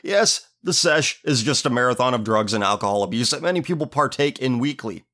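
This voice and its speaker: A man's voice: medium pitch, lively intonation, fairly quick, bright, forceful tone. A man hosting a show, reading out a listener's letter and ranting over it in a sneering, profane, contemptuous way. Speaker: host.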